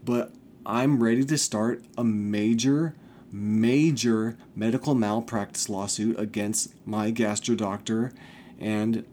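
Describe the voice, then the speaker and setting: Male podcast host, shaky and emotional, swears a lot, warm dark tone. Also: fairly low pitch, fairly even intonation, slow pace, slight background noise. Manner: emotional, rambling, swears often. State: recovering from illness, shaky. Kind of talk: casual personal monologue.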